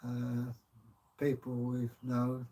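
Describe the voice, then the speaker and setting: A man's voice: medium pitch, monotone, very slow, mellow. An older man from Kent with a southern English accent, chatting casually on a livestream as channel host, rambling with many hesitations. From Kent, England.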